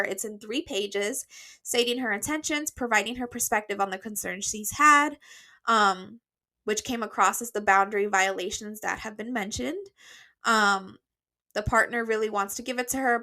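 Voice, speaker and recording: A woman's voice: mid-range voice, pushed and bright. A woman co-hosting a casual podcast, a bit out of breath as she reads a listener's letter aloud with fillers and restarts. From United States. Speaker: podcast co-host.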